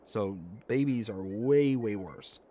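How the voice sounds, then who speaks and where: A man's voice: lowish voice, slow pace, mellow. A man hosting a live stream, casually telling an anecdote and reading chat comments aloud, acting out quoted lines.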